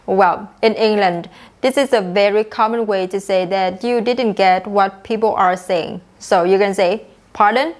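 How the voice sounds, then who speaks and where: A young woman leads an online English lesson. She speaks at a middle pitch, explains each point clearly, and acts out the example phrases. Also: fairly even intonation, unhurried, darkish tone. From Vietnam. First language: Vietnamese. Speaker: English teacher.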